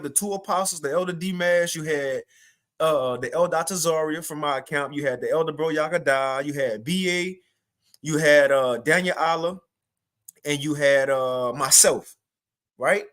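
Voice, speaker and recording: A young man giving a livestreamed spiritual testimony, telling the story in an animated, repetitive way with casual slang. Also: a little high, moderate pace. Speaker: spiritual teacher sharing a testimony.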